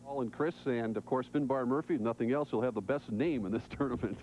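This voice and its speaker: A man hosting a televised high school hockey preview, brisk and upbeat with scripted lines, on dull 1980s TV audio. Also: a little mellow, a little hiss or hum. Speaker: studio host.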